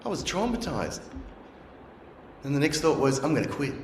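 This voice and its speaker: A man's voice: fairly high pitch, big pitch swings, moderate pace, slight background noise. Man telling a roomy sermon story. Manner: earnest storytelling, acts out remembered voices. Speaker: guest speaker. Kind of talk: sermon told as personal story. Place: church hall. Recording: roomy echo.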